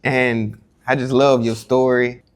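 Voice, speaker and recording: A man's voice: medium pitch, little pitch movement, takes it slowly, smooth. Laid-back slangy male interviewer. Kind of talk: casual interview.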